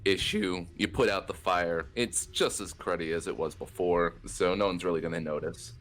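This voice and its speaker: A man narrating as dungeon master, setting scenes in a relaxed, descriptive way. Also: deep voice, normal speed. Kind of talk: narrating a tabletop game.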